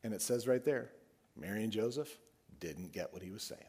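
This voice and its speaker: A man preaching a sermon, telling the story with animated swings and dropping his voice soft for emphasis. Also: lowish voice, fairly quick, breathy edge. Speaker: pastor.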